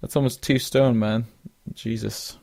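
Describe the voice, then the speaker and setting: Yawning and drowsy, a young man hosts a casual solo podcast, rambling with plenty of fillers and restarts. His mid-range voice is gravelly and a little mellow, held in a steady tone at a slightly slow pace. There is no echo.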